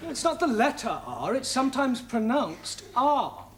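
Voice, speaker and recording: A patient young English teacher with a British accent who explains things step by step and answers with dry wit. His pitch moves a lot. The old TV sound is noisy. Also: very animated, measured pace, exaggerated voice. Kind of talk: 1970s sitcom acting.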